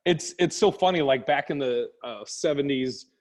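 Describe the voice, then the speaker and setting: A man's voice: mid-range voice, moderate pace. A man, a stand-up comedian guest, telling childhood stories in casual chat over a video call, laughing often and acting out voices.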